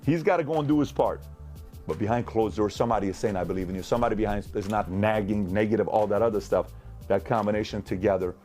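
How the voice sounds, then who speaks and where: A man's voice: fairly low pitch, quick pace, warm tone, soft background music. A man giving relationship advice in an emphatic, repetitive, preachy motivational talk.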